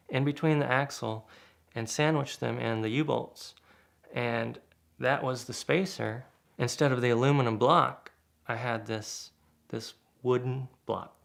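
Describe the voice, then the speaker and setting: Gravelly man telling a lively story. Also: mid-range voice. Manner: animated, acts out quoted people. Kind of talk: casual spoken anecdote.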